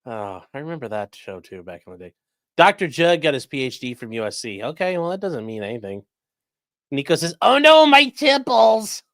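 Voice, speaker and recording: A man hosting a livestream, commenting in a casual, jokey way, talking to chat and breaking into mock voices and sudden yells. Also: medium pitch, sing-song, fairly quick, dry recording, studio quality. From grew up in a rural area. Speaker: livestream host reacting to a trial.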